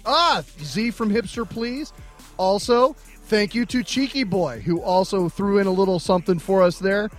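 A man's voice: high voice, normal speed, soft background music. A man hosting a comedy podcast, talking in an upbeat, casual way and swearing freely. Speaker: podcast host.

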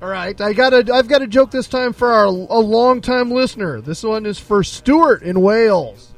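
Man, podcast co-host, high voice, dry teasing, distant from mic. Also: lively intonation, normal speed, faint music behind. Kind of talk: casual chat.

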